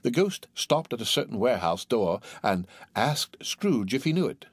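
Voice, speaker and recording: A male narrator reads a classic tale with theatrical flair. His pitch rises and falls in lively sweeps over a middle register, and the recording is close and dry. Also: moderate pace, few pauses, husky, no echo. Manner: animated, theatrical. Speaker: audiobook narrator. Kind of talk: expressive audiobook reading.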